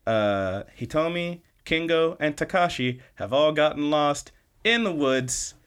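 A man's voice: on the high side, lively intonation, unhurried, fairly bright tone, clean tone. A man co-hosting a podcast, recapping episodes in casual, enthusiastic chat full of "like"s and restarts. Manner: enthusiastic, rambling with many "like"s and restarts. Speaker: podcast co-host.

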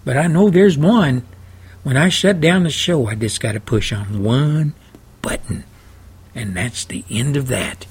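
A man's voice: medium pitch, measured pace, slight background noise. A man hosting a talk radio show from his home studio, talking in a folksy, rambling, plain-spoken way. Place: home studio, seated in an easy chair.

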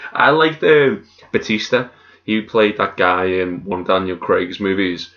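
A man's voice: deep voice, fairly even intonation, slow pace, faint music behind. A man co-hosting a casual chat, full of swearing and banter. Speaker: podcast co-host. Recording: echoey room, dull sound.

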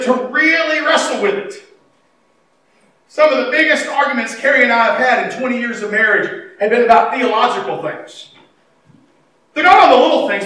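A middle-aged man preaching a sermon as pastor, telling stories, acting out dialogue and swinging between loud and hushed. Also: sits high. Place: church sanctuary. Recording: echoey church hall, mic at a distance, faint noise.

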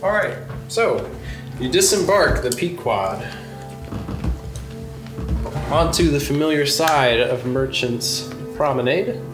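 A man running a tabletop game as game master, narrating haltingly with many ums. The recording is echoey, with music behind. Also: fairly high pitch, lively intonation.

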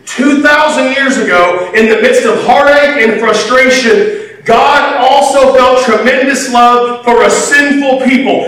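A man preaching a sermon, animated, swinging from quiet to shouting and laughing between lines. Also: very high voice. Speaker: pastor. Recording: echoey hall from far off, faint background noise.

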